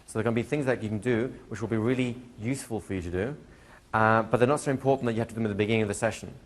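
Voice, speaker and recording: A man teaching a hypnosis class to a live audience, talking in a relaxed way and slowing into soft hypnotic suggestions. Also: on the low side. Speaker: hypnosis trainer. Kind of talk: live training lecture. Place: training room with a seated audience.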